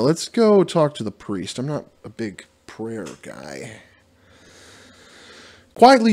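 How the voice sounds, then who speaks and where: A man's voice: medium pitch, a little mellow. A man reading a solo fantasy gamebook aloud as dungeon master, breaking off for casual, self-deprecating asides and stumbling over the fantasy names.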